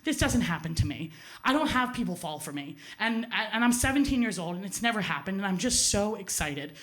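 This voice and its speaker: A woman telling a funny personal story live to a theater audience, animated, swearing freely and laughing at herself. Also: medium pitch, brisk. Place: theater stage.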